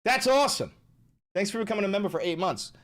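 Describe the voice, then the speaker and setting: Male livestreamer, casual and profane, repeats lines for emphasis, very animated pitch. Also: fast. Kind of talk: casual livestream chat, reading chat.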